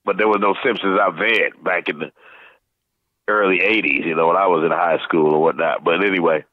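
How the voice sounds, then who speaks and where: A man in his fifties from Saint Louis, telling animated stories about his youth as a voice actor guest in an interview, dropping in quick voice impressions. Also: low voice, dry recording. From Saint Louis, USA. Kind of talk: casual storytelling interview. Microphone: phone call. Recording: tinny phone-line sound.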